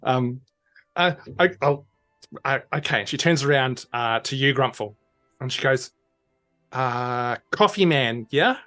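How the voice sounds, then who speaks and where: Animated woman running a tabletop game. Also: rumbling low, unhurried, soft background music. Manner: animated, voices characters with many fillers. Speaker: game master.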